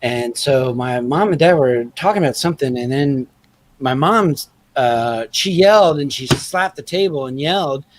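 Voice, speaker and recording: A young adult man co-hosting a podcast, telling family stories in a casual, animated way and acting out voices. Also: medium pitch, normal speed, slight background noise. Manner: animated storyteller acting out his dad's lines. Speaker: podcast co-host.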